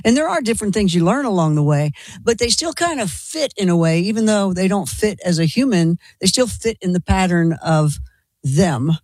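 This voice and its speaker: A talk show host chatting casually and warmly affirming the guest. The voice sounds dry and close, with no room around it. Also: mid-range voice, big pitch swings, normal speed, dry recording. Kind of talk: casual chat.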